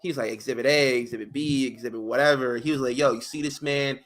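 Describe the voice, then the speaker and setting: A bright, forward-voiced man chatting on a podcast. He tells stories in animated bursts and slips into slangy acted-out quotes. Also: medium pitch, fast talker. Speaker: podcast co-host. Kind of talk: casual chat.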